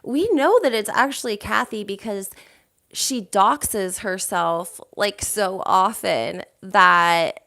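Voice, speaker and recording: A woman hosting a casual reality TV gossip chat, reading out viewer comments in a chatty, animated way, full of fillers. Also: medium pitch, slow, gravelly.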